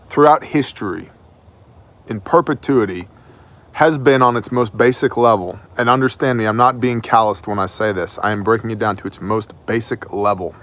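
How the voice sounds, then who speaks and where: The host of an independent news show offers opinionated commentary, delivering it emphatically and at times mockingly. His voice sits on the low side with a slightly bright tone.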